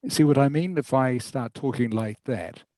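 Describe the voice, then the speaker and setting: A man gives feedback in an online English lesson over a video call, staying patient and frequently checking that his student is following. His voice is mid-range and warm, with a moderate pace. The recording is dry and of low quality.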